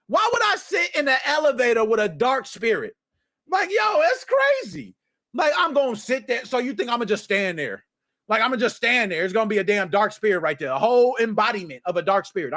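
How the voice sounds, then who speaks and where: A man hosting a casual livestream chat, animated and excitable, talking in slang and often breaking into shouts. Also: extremely high pitch, brisk. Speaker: streamer, podcast host.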